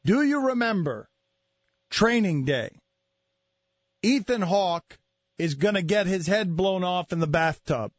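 High-pitched, animated male sports talk host; dry, dull studio mic. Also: unhurried, long pauses, no room sound. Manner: animated, excitable, mock-shouting.

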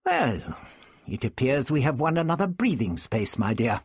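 A man's voice: mid-range voice, big pitch swings, normal speed, breathy edge, no echo, clean studio sound. A man voicing a testy, imperious old man who snaps back irritably. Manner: snappish and irritable.

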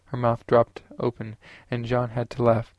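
A man narrating a science fiction audiobook in a steady, unhurried way. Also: medium pitch, no echo, lo-fi sound.

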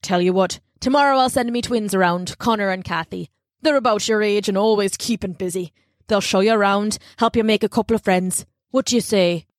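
A woman's voice: medium pitch, a little fast, no echo, clean studio sound, close to an everyday voice. A woman voicing a stout, jovial village constable with folksy country speech. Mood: friendly.

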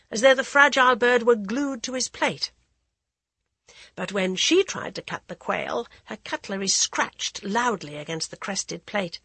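A woman narrating a novel in a measured, even audiobook style. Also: on the high side, slightly rough, no room sound.

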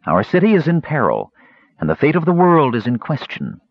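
A man's voice: a little high, huge pitch swings, fairly quick, dry recording, lo-fi sound, voice pushed up, full character voice. A man doing a stern icy council leader woman. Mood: commanding. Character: stern female council leader, cool and commanding.

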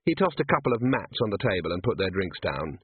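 A man narrating a story in a lively storytelling manner. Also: deep voice, quick pace, husky, no echo. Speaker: audiobook narrator. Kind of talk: scripted narration. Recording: tinny phone-like dry recording.

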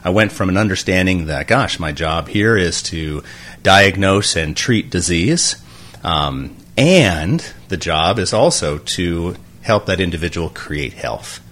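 Deep-voiced doctor co-hosting a talk show. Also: male voice, expressive, unhurried, a bit bright. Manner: rambling, explanatory, with fillers and restarts. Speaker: doctor and co-host. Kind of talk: casual radio talk.

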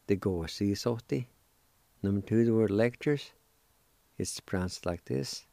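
Man, Cherokee accent, radio language teacher; low mellow voice, very slow and deliberate, dry close sound. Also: no echo. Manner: slow, deliberate, drawn-out syllables. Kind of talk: spelling and pronouncing words.

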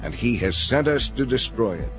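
A man's voice: mid-range voice, lively intonation, normal speed, over music, natural voice. A man reading stern, urgent angels. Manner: urgent, commanding. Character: stern heavenly messengers, urgent.

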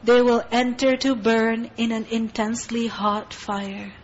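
A woman giving a Quran tafsir lesson, earnest and full of rhetorical questions, reciting Arabic verses quickly between her explanations. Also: fairly high pitch, fairly even intonation, dull audio. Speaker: Quran teacher.

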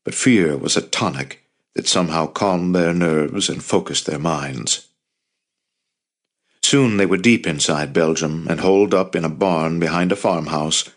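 This low-voiced male narrator delivers a scripted audiobook reading, keeping his storytelling steady and deliberate.

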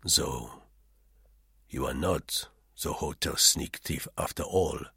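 A man's voice: low voice, animated, measured pace, vocal fry, breathy edge, no room sound, clean studio sound, heavily acted. A man reading the part of a cold, sardonic, menacing middle-aged spy in an audiobook, with an icy, contemptuous manner. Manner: icy and acid, softly contemptuous.

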